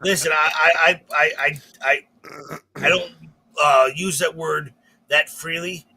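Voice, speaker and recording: A man co-hosting a comedy podcast, telling a rambling, profane, animated story. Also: fairly high pitch, unhurried, crowd noise, rough recording.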